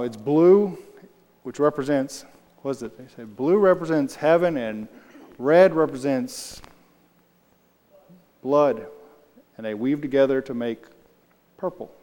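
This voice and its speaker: A man's voice: medium pitch, slow pace, long pauses, darkish tone. Man leading a casual Bible study, reverberant room. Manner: conversational, loose, answers the group as he goes.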